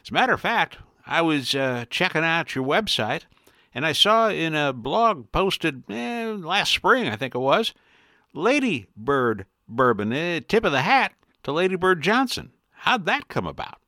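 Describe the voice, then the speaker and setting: Introducing and then interviewing a guest, this male podcast host sounds folksy and upbeat, his intonation lively. His voice is on the high side and a little slow, captured as clean studio sound with no room sound.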